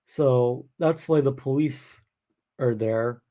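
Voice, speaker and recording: A man hosting a live reaction stream, explaining in a relaxed way. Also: medium pitch, slow.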